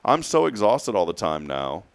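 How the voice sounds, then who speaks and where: Male morning host, deep voice, rambling storyteller who laughs a lot. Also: sing-song, moderate pace, gravelly, no echo. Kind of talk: casual chat.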